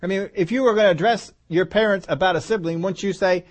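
A man's voice: high voice, fast. A man preaching a sermon in a conversational way, asking the listeners rhetorical questions. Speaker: pastor.

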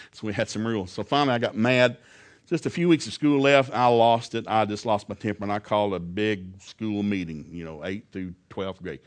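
A man who preaches by telling stories and acting out the quoted lines loudly. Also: lowish voice, fairly quick. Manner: animated, acts out quotes loudly. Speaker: preacher and former school teacher. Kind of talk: storytelling sermon.

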